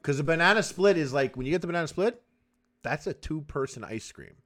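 A man co-hosting a casual podcast chat, animated and often laughing, swearing freely and acting out little scenes. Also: fairly high pitch, a little fast. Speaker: podcast co-host.

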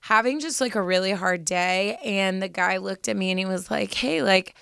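A woman's voice: medium pitch, normal speed, creaky, a bit bright, smooth, dry recording, clean studio sound. A young woman co-hosting a podcast, chatting casually and heartfelt, with lots of "like" fillers. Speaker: podcast co-host. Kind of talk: casual chat.

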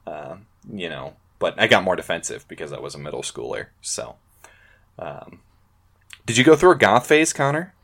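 Male podcast host, very low voice, relaxed and rambling, thirties. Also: a little fast. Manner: laid-back, trails off with fillers. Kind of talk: casual chat.

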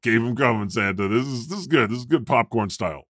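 Lively rambling man, jokey comedy host. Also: medium pitch, fast, no echo, studio quality. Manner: jokey, rambling, self-deprecating, laughs often. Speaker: comedy podcast host playing God. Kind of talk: improvised comedy chat.

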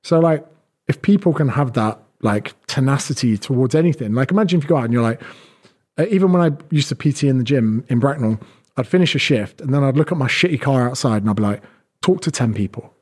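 A man's voice: medium pitch, animated, a little mellow. A man, a personal trainer talking bluntly as a podcast guest, swearing often and acting out quotes. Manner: fast, blunt, swears a lot, acts out quotes. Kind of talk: podcast conversation.

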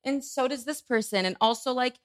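A woman's voice: high-pitched, brisk, dry recording, clean studio sound. A woman in her twenties, co-hosting a podcast, bubbly and rambling, with lots of filler words. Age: 20s. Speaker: podcast co-host. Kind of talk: casual chat.

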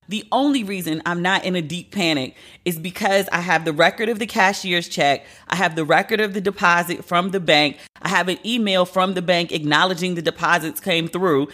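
A podcast host in their thirties, venting in a casual, animated and profane solo monologue. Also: mid-range voice, moderate pace, hardly any pauses.

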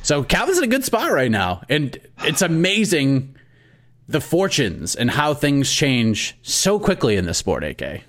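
A man from Boston with a Boston accent, hosting a casual MMA talk show, animated and excitable, with pitch leaping on stressed points. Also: measured pace. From Boston, USA.

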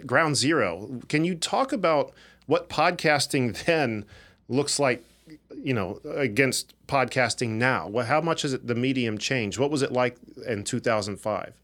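A man's voice: medium pitch, fairly bright tone. Eager friendly male podcast host. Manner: friendly, eager, quick to laugh. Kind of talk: casual interview chat.

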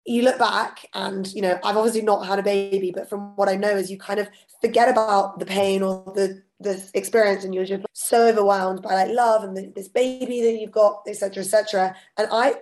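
A woman co-hosting a podcast, talking in a chatty, expressive way as she shares personal stories. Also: mid-range voice, a little fast, few pauses. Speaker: podcast co-host. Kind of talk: casual podcast chat.

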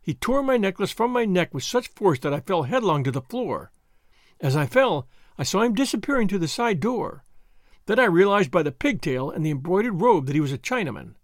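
A man voicing a frightened, injured noblewoman who speaks weakly and haltingly. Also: high-pitched, big pitch swings, dry recording, studio quality. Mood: shaken. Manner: weak, breathy, halting.

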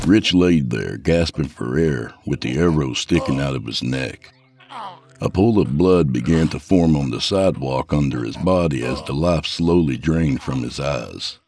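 Very deep-voiced male storyteller. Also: a little mellow. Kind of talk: scripted horror narration.

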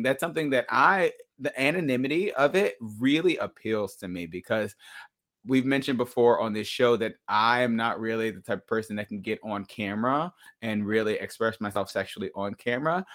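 A man's voice: mid-range voice, expressive, normal speed, fairly bright tone. A man co-hosting a podcast, chatting casually and playfully with frequent laughter. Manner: giggly, playful. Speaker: podcast co-host. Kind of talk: casual chat.

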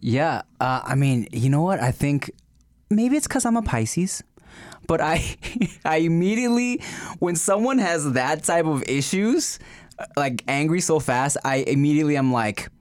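A man's voice: a little high, lively intonation, measured pace, no room sound, clean studio sound. A man in a casual podcast chat who listens closely and murmurs agreement, laughing easily.

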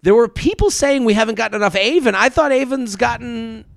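A man's voice: extremely high pitch, a little fast, creaky, dry recording, studio quality. A man co-hosting a podcast, chatting casually and acting out quotes in playful voices. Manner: animated, acts out quotes in funny voices. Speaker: podcast co-host. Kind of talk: casual recap chat.

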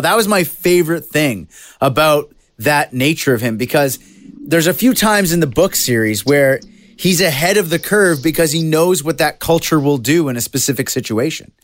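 A man's voice: a little high, no echo. A man co-hosting a podcast, enthusiastically chatting and reading aloud from a book. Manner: enthusiastic, animated. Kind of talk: casual chat and book reading.

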